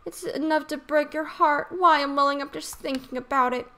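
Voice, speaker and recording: A woman's voice: sits high, fairly even intonation, moderate pace, sharp tone. A woman voicing a gossipy, kindly old neighbor woman as she reads a game's dialogue aloud, in a fussy, confiding way. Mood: gossiping. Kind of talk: reading game dialogue aloud.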